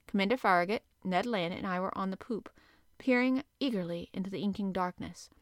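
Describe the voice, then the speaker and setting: A woman reads a novel aloud as an audiobook narrator. Her voice sits at a middle pitch, and her reading is steady and expressive. The sound is dry and close to the mic. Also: a little fast, no echo.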